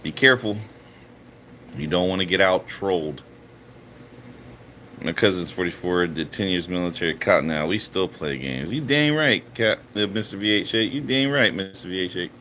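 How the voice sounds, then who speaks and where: A man's voice: low-pitched, normal speed, pauses often, pushed and bright, slight background noise. A man streaming and reading chat aloud, laughing and mocking commenters in a loose, joking way. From Puerto Rico. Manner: mocking, laughing, puts on silly voices for chatters. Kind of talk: casual livestream chat.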